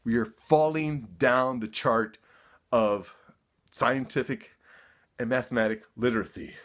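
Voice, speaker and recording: A man's voice: medium pitch, a little slow. A man ranting to camera in a vlog, worked up and emphatic, sarcastic at times, tripping over and repeating words when heated. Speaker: vlogger.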